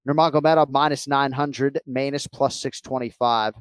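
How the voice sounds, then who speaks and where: A man's voice: mid-range voice, steady tone, moderate pace, clean tone, no echo. A man hosting a sports podcast, joking around and swearing casually while he runs the segments. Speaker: podcast host.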